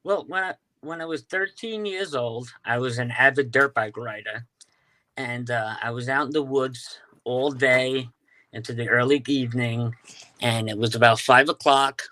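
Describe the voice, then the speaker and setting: A Staten Island man with a New York accent, a UFO sky watcher, tells stories as a guest in a casual interview. His mid-range voice is bright and forceful at a normal speed, and he uses plenty of fillers and restarts.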